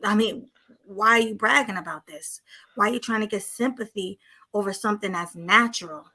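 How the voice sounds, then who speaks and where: Sassy, bright-voiced woman co-host. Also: medium pitch, a little fast. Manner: sassy, judgmental. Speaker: podcast co-host. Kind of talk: casual commentary chat.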